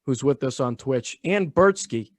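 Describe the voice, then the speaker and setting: A man co-hosting a sports podcast, joking and talking with crude, animated banter. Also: medium pitch, unhurried, dry recording, studio quality. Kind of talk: casual sports analysis chat.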